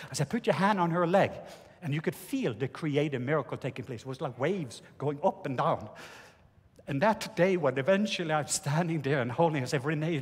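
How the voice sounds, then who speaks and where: A man with a Norwegian accent preaches to a congregation, recounting a testimony earnestly and stumbling over restarts. His voice sits a little high and sounds husky. The sound rings with the long reverb of a large hall. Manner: earnest storytelling with halting restarts. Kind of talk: sermon with personal testimony.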